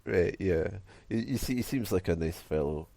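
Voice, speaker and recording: A man's voice: low voice, lively intonation, normal speed, vocal fry, dark tone, no echo. A man co-hosting a podcast, casually recapping with frequent laughs and swearing. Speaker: podcast co-host. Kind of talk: casual chat.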